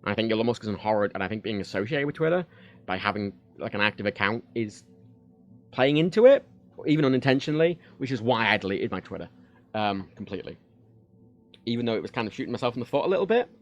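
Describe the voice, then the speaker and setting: A man chatting frankly on a home livestream, rambling with many fillers and restarts. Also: lowish voice. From United Kingdom. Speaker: streamer. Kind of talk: casual livestream chat. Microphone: desk microphone.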